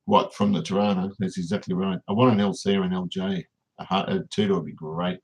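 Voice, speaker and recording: A man's voice: sits low, flat delivery, fairly quick, a little mellow, poor audio. An Australian man hosting a casual livestream, rambling and reading viewers' comments aloud as he answers them. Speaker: livestream host.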